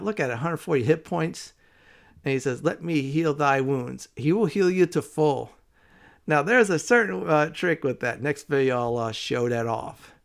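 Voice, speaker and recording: A man's voice: fairly high pitch, vocal fry, a bit bright. A man hosting a casual let's play video, rambling through his gameplay commentary with frequent "uh" fillers.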